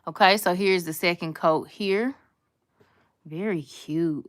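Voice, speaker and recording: A woman's voice: on the low side, slow. A woman, chatting casually to viewers as she does a nail tutorial. She talks in a sassy, slangy way. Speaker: nail content creator.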